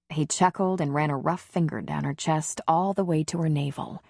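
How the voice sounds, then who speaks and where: A woman narrating an audiobook in a calm, even, intimate reading. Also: sits low, normal speed, hardly any pauses, no room sound, studio quality. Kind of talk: scripted narration.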